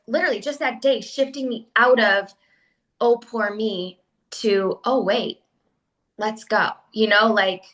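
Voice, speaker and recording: A woman's voice: medium pitch, a bit bright, poor audio. A woman in her thirties, a podcast co-host, telling a personal story in a casual, emotional way, tearful and full of "like" fillers. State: crying.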